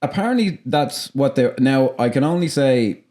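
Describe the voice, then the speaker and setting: A man's voice: mid-range voice, animated, normal speed, a little mellow. A man with a Dublin accent co-hosting a film podcast, telling rambling anecdotes and swearing casually. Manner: rambling storyteller, swears freely. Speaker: podcast co-host.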